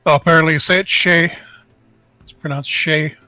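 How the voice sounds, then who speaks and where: A man's voice: on the high side, fairly even intonation, brisk, pushed and bright, soft background music. A man co-hosting a game stream, adding short agreeing remarks and comments. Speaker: co-host. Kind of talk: casual chat.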